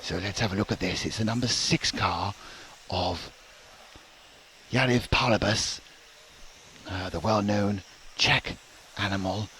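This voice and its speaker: A man putting on the voice of a hushed nature documentary narrator, talking softly and with mock reverence. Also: on the low side, unhurried, slight background noise, voice pushed down, rough recording. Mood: hushed, mock-reverent.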